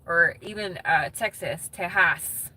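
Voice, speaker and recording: A woman's voice: fairly low pitch, measured pace, sharp tone. A woman chatting casually with viewers on a live stream, reading their comments aloud and laughing often.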